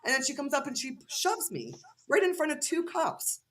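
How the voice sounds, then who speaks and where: A woman's voice: sits high, big pitch swings, normal speed. A woman as a podcast guest, ranting heatedly and cursing freely in casual conversation.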